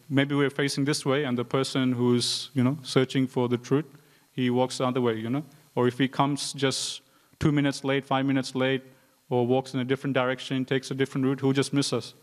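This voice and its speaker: A man giving an informal scripture class in a temple, telling stories loosely with many fillers. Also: medium pitch. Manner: storytelling with many "like" and "you know" fillers. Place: temple hall.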